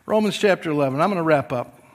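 High-voiced preacher swinging loud to soft. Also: male voice, animated, fast, big-room sound. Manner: jokes with the congregation. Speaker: pastor. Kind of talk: sermon. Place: church before a congregation.

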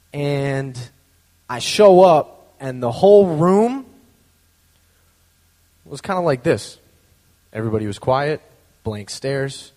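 A man's voice: mid-range voice, darkish tone, in a large hall. A man telling a personal story in a casual, conversational way, full of fillers and acted-out quotes. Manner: acts out quoted voices.

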